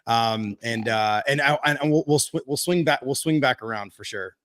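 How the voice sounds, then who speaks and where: A man's voice: medium pitch, fairly bright tone, no echo, studio quality. A man hosting a podcast interview in a friendly, casual way, often restarting and repeating his phrases. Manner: friendly, halting, repeats himself. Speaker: podcast host.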